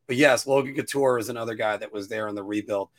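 A man co-hosting a casual podcast chat, rambling and restarting his sentences, now and then jumping up into a high-pitched whine. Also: fast talker. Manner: rambling, self-interrupting, animated with sudden high-pitched whining bursts. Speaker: podcast co-host.

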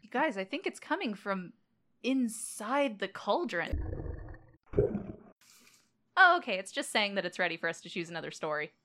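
A woman's voice: mid-range voice, lively intonation, brisk, fairly bright tone, a little hiss or hum. A woman co-hosting a casual podcast, giggling and playfully acting out quotes. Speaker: podcast co-host. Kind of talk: casual chat.

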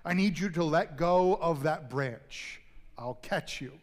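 A man voicing God in a joke, speaking slowly in a measured, reassuring tone. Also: a little high, expressive, in a large hall. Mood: calm. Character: calm, patient voice of God.

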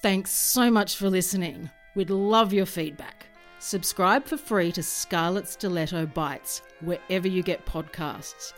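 A woman host reads a podcast outro with a friendly, measured delivery. Her voice is a little low. Faint music plays behind her. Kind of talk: scripted outro.

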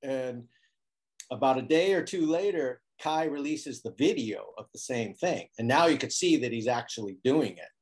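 A man telling stories in a relaxed interview, acting out other people's lines as he goes. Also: mid-range voice, moderate pace, few pauses. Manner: animated storyteller who acts out quotes. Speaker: guest, foil board maker. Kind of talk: casual storytelling interview. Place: Hawaii.

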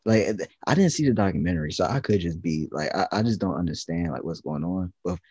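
A man with a very low, dark and husky voice talks in loose, rambling casual chat. He stops and restarts often, leaning on fillers. The recording is dry and dull, lo-fi. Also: expressive, brisk, no room sound. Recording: dull lo-fi sound.

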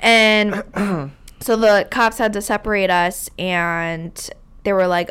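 A woman's voice: on the low side, fairly even intonation, a little slow, fairly bright tone, clear, resonant tone. A woman hosting a podcast, telling stories in casual chat and acting out other people's lines bluntly. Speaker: podcast host.

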